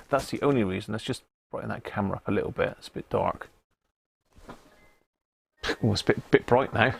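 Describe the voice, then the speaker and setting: Gravelly man chatting on a live stream. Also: medium pitch, fairly bright tone. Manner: chatty, greets viewers by name, banters. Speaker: radio restoration live streamer. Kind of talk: casual live-stream chat.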